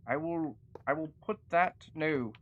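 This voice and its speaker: A gaming streamer giving casual live commentary while playing, chatty, jokey and quick to poke fun at themselves. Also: medium pitch, muffled recording. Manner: chatty, self-mocking and jokey.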